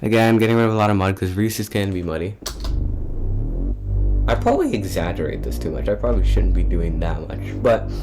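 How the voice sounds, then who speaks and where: In a brisk, low-pitched voice, a young man who produces music walks through the making of one of his tracks. The casual tutorial is offhand and loose, peppered with fillers and false starts.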